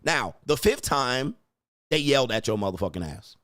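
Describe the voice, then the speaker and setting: A man's voice: mid-range voice, very animated, moderate pace, a bit bright, no room sound, studio quality. Blunt, profane man reacting to clips. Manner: profane, blunt, laughing often. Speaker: reaction commentator. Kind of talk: casual video reaction commentary.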